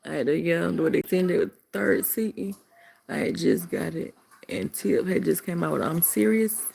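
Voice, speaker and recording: A woman's voice: on the low side, unhurried, vocal fry, dark tone, breathy edge, low-quality recording. An older woman hosting a late-night livestream from home, chatting in a sassy, casual way with her viewers while sleepy and yawning. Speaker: livestream host.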